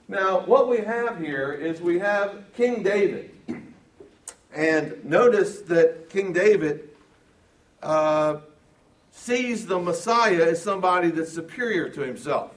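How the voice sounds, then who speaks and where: A man preaching a Bible sermon with a fairly high voice. He swings from quiet, careful explanation to loud, stressed lines and keeps asking the congregation questions. The sound is roomy, caught from a distance across a church. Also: lively intonation, takes it slowly. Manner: emphatic, shifts from quiet to loud, asks the audience questions. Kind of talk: sermon, verse-by-verse Bible teaching.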